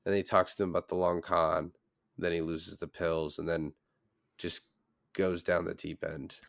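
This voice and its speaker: A man co-hosting a podcast, casually recapping a film in a relaxed, rambling way. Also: deep voice, normal speed, gravelly, no echo, studio quality. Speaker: podcast co-host. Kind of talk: casual chat.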